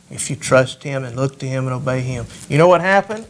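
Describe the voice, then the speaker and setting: A man's voice: quick pace, few pauses. A male pastor preaching a sermon, lifting his voice when he reads scripture aloud. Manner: rises in pitch and volume when reading scripture aloud.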